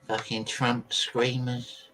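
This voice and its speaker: A man's voice: mid-range voice, completely flat delivery, takes it slowly, sharp tone, a little hiss or hum. A man hosting a casual livestream, rambling chattily to his viewers and swearing freely while he sorts out videos on his computer. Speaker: livestream host.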